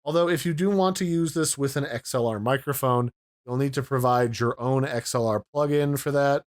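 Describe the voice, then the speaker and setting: Tech reviewer, male, relaxed explainer, dry and close, mid-range voice. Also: medium pitch, normal speed, dry recording. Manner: casual, explanatory, conversational. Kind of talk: product review and unboxing.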